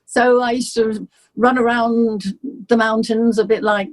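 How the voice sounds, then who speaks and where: A woman's voice: on the high side, fairly even intonation, unhurried, rough recording. Chatty older English woman. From England. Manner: chatty, warm anecdotes, laughs easily. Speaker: singer, guest. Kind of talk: interview.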